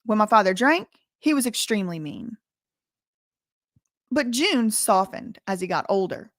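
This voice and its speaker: A woman's voice: mid-range voice, expressive, unhurried, dry recording, clean studio sound. A woman reading a memoir aloud and breaking off into casual spoken asides. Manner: reads passages then breaks off into chatty asides.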